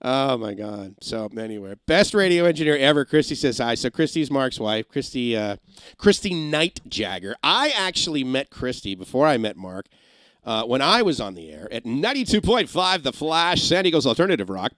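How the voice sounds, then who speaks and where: A middle-aged former radio engineer chats on a home livestream, telling long, rambling stories. His voice swings widely up and down in pitch, and he breaks into brief comic impressions. The sound is dry and close, with no room echo. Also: very animated, moderate pace, a bit bright. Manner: rambling storyteller who slips into comic impressions. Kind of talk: casual livestream chat. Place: home in Massachusetts.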